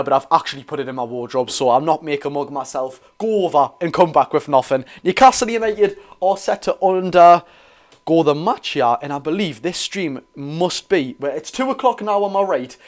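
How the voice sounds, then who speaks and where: A young man with a Geordie accent doing a live football watch-along, chatting to viewers and calling the play excitably. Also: a little high. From North East England. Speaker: football fan streamer.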